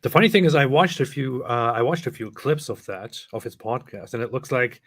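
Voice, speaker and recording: A man co-hosting a casual livestream chat in a relaxed, easygoing way. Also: mid-range voice, a little fast, no echo, clean studio sound. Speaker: co-host.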